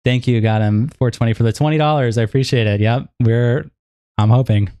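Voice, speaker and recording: A young man on a livestream, reading messages aloud in a casual, halting way and stopping to react. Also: mid-range voice, smooth, no room sound. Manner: casual, halting, reads flatly and breaks off to react. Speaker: streamer.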